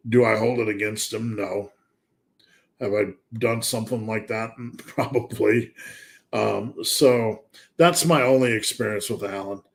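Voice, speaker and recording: A man's voice: fairly low pitch, a bit bright. A man hosting a live fitness Q&A stream, chatting casually and asking himself rhetorical questions.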